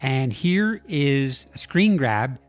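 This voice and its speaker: A man's voice: mid-range voice, very animated, slow pace, dry recording. A man hosting a comedic video breakdown, telling the scene as a playful, joking story. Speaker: YouTube host. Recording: dry voice-over with faint music.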